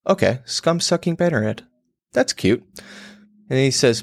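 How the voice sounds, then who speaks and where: A man's voice: medium pitch, expressive, measured pace, gravelly, pauses often, no room sound, clean studio sound. A man hosting his own show, delivering a crude, emphatic monologue on copywriting. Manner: emphatic, provocative, crude and theatrical.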